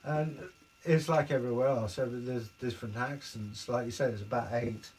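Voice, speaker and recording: A man's voice: mid-range voice, steady tone, fairly quick, darkish tone, husky, low-quality recording. A man from southern England, chatting casually as co-host of a livestream. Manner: chatty, slips into accent impressions.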